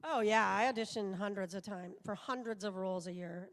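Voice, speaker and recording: A woman's voice: medium pitch, fairly quick. A middle-aged woman from the United States, a voice actor, chatting in a rambling, self-deprecating way as a guest on a live convention panel in an auditorium.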